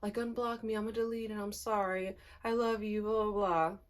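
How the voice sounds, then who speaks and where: A manipulative young boyfriend begs and apologizes in a hushed, soft voice, as a woman retelling the story quotes him. He keeps a mid-range tone, sounding small and wheedling rather than loud. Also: medium pitch, flat delivery, normal speed, close to an everyday voice. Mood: hushed pleading.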